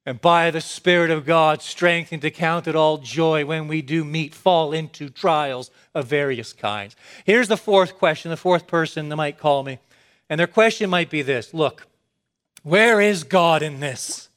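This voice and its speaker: A man preaching a sermon, moving from low, measured statements to excited, emphatic declarations. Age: adult with young children.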